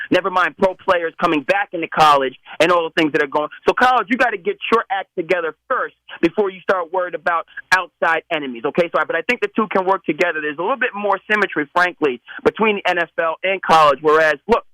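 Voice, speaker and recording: A man with a New England accent calling in to a sports radio show, talking in an animated, rambling way full of asides. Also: fairly high pitch, fast talker, few pauses, dry recording, rough recording. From Massachusetts. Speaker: radio call-in caller. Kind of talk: phone-in sports chat.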